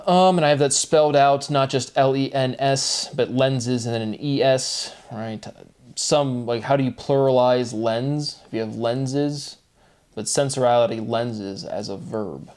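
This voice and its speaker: A man alone, talking through wordplay in a slow, questioning musing monologue. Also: mid-range voice, a little mellow. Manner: slow, questioning, breaks into laughter. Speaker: solo video host. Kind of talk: musing monologue on word forms.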